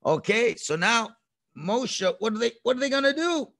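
Animated, high-voiced man teaching children. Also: normal speed. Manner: animated storytelling, acts out voices. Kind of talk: children's Torah class. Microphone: video call.

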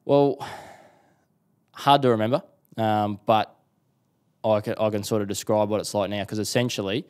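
A man's voice: on the low side, normal speed, clear, resonant tone. A young Australian man telling a personal story in a casual interview, acting out what people said. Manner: animated storyteller acting out quotes. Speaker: guest.

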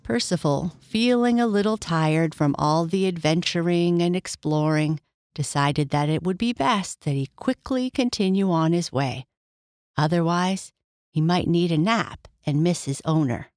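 A woman's voice: fairly low pitch, expressive, darkish tone, no echo, clean studio sound. A woman narrating a bedtime story for children in a soothing way. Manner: soothing, slow.

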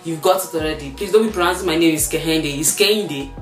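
A young Nigerian woman in her twenties rambles cheerfully to her viewers in a low-pitched, easygoing voice. Her accent is plain in every phrase, and the room around her rings back noticeably, with faint music underneath. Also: rapid-fire, roomy sound. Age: 20s. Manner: chatty, playful, rambling with fillers. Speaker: YouTuber. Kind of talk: casual vlog chat.

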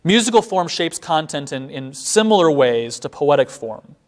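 A man giving a classroom lecture, measured and explanatory, often checking in with a rhetorical "right?". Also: a little high, very animated.

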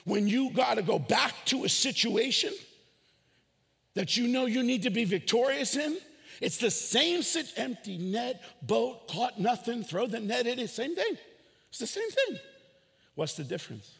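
Male pastor, high husky voice, swooping sermon delivery, long reverb of a church hall. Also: a little slow. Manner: animated preaching with shouted peaks and acted dialogue.

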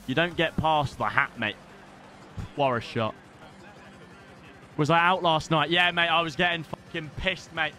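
A young British man commentating live on his own gameplay, excitable and casual, swearing freely and shouting at big moments. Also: fairly high pitch, normal speed, long pauses, soft background music. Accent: British English. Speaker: gaming streamer.

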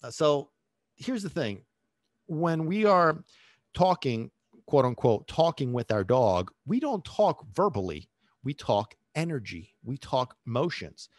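A man hosting a podcast as a dog trainer, talking in an animated way, acting out little voices and asking listeners questions. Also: mid-range voice, measured pace, dry recording, clean studio sound. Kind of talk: podcast monologue.

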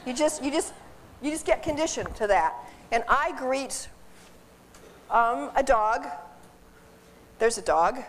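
A high-pitched woman lecturing in an informal, chatty style, often laughing and tripping over repeated words. Her voice carries in a long, echoing hall, as if recorded from the back of a lecture room. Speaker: dog behavior consultant. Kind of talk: informal seminar talk. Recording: distant voice in a reverberant hall.

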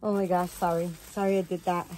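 A woman's voice: lowish voice, little pitch movement, quick pace, very noisy. A woman vlogging at home as she unboxes a gift, gushing and filling her talk with "like" and "um.". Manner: gushing, full of "like" and "um" fillers. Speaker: doll channel vlogger. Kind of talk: casual unboxing vlog. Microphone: phone or camera set nearby.

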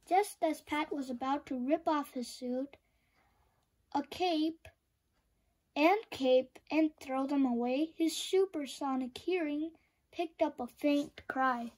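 A woman reading a children's picture book aloud, expressive, with shouted sound effects. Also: sits high, slow. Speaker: storyteller.

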